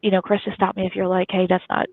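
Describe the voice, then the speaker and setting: A woman from Kentucky, telling a story in a lively, chatty way as a guest on a live talk show. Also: mid-range voice, quick pace, no room sound. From Kentucky, USA. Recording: dry, phone-like thin audio.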